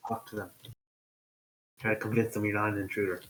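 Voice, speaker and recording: A man with a somewhat low voice plays in a tabletop game. He cracks offhand jokes and swears casually between plays. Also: little pitch movement, a little fast, fairly bright tone, recorded from a distance, rough recording. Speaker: player.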